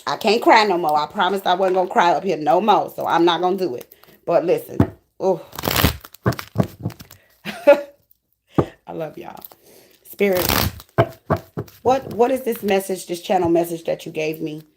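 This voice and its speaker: A woman's voice: fairly low pitch, normal speed, noisy background. Emotional woman tarot reader. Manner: emotional, preachy, affectionate, near tears. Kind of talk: spiritual tarot reading.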